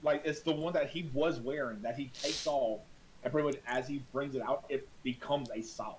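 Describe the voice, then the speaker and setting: A man narrating a tabletop game as game master, talking in a relaxed, rambling way. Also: medium pitch, a little hiss or hum, poor audio. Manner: relaxed, rambling, halting restarts.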